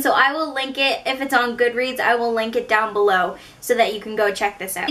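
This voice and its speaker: Canadian woman, book haul vlogger; high, bright voice; chatty, rambling, pokes fun at herself. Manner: chatty and rambling, with self-mocking asides. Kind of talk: casual book haul chat.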